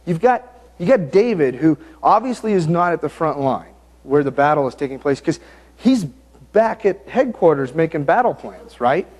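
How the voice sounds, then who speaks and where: A man's voice: on the high side, moderate pace. A man preaching a sermon, acting out the story with jokes and asides. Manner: animated storytelling, acting out the scenes; joking and self-interrupting.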